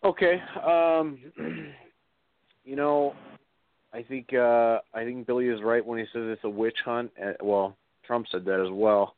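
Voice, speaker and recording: A man's voice: mid-range voice, a little slow. A man on a talk show sharing his political views in a hesitant way, full of fillers. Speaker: co-host. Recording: dry, tinny phone-like line.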